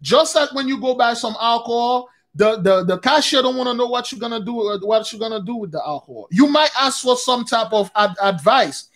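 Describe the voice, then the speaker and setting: A man's voice: very high voice, fairly quick, few pauses, a bit bright. A man hosting a casual spiritual talk, rambling and repeating himself as he keeps calling his listeners brothers and sisters.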